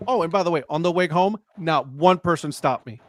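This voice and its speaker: A man on a casual sports talk stream, telling an animated story and acting out the dialogue. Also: a little high, fairly quick. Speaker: co-host. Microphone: live stream remote mic.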